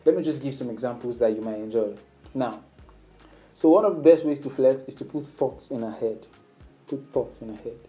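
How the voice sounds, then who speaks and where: A man's voice: moderate pace, mellow, faint music behind, poor audio. A man talking casually to the camera, giving flirting advice in an instructive way. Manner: instructive, acts out sample lines in a higher playful voice. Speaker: dating advice speaker.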